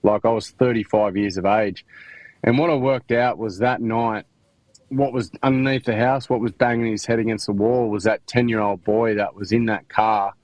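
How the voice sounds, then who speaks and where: A man's voice: fairly low pitch, steady tone, moderate pace, darkish tone, dry recording, rough recording. A man with an Australian accent, a podcast guest telling his life story in a frank, slangy way, with many restarts and fillers. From Queensland, Australia. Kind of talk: candid interview storytelling.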